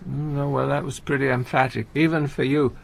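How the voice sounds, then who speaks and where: An actor playing a gentle, anxious older comedian in a radio play, talking in halting, stammering restarts. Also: male voice, medium pitch, level tone, vocal fry. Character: aging male comedian, gentle, anxious, talkative. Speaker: visiting friend and comedy partner.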